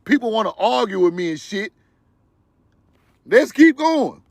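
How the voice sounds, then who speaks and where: A man hosting a livestream, talking straight to his viewers in an animated, preachy, joking way with loud bursts of laughter. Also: high voice, measured pace, gravelly, dry recording, studio quality. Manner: talks to viewers directly. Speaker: livestream host. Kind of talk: excited livestream commentary.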